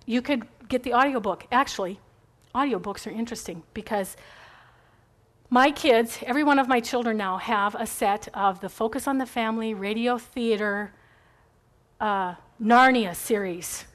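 A woman's voice: on the high side, normal speed, fairly bright tone. Chatty woman teaching a church group. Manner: chatty, rambling, encouraging, with asides. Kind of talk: casual faith talk to a group.

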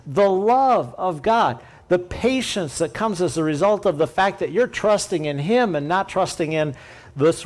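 A man delivers a sermon-style Bible teaching, his voice sitting a little high for a man. He explains patiently and thinks aloud, circling back to rephrase his points. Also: darkish tone.

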